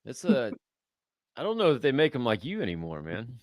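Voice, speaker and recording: A man hosting a casual talk show and chatting with his guest in a relaxed, joking way. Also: medium pitch, brisk, no room sound. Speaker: host. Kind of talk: casual chat. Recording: crowd noise behind the voice.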